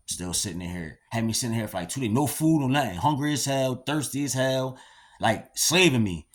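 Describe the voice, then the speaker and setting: A young man telling a story casually, slangy and profane, rambling with lots of fillers. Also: medium pitch. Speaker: storyteller recounting his past.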